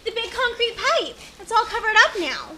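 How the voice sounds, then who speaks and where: A woman playing a frightened, stubborn young girl in a live old-time radio drama, pleading, crying and shouting. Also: very high voice, sing-song, normal speed, slight background noise, full character voice. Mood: earnest.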